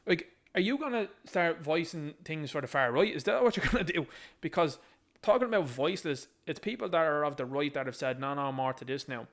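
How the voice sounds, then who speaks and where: A man's voice: a little high, lively intonation, brisk, a bit bright. A man with an Irish accent giving a combative, sarcastic political rant, mocking what he reads aloud. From Ireland. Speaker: political commentator.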